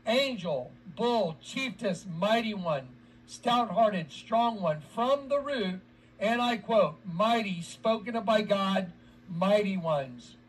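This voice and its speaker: Man, high voice, agitated preacher, heated scripture commentary, drawn-out quotes, slightly distant mic. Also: expressive. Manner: agitated, repeats "ready?" and drags out quoted words. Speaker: online preacher.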